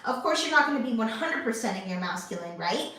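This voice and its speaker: A young woman chats casually to her viewers, piling up fillers, restarts and asides. Her voice sits a little high. The room is very echoey and the mic is some distance from her. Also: lively intonation, fast talker, pushed and bright. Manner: chatty, many fillers and restarts. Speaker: lifestyle channel host. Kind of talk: casual talk to camera.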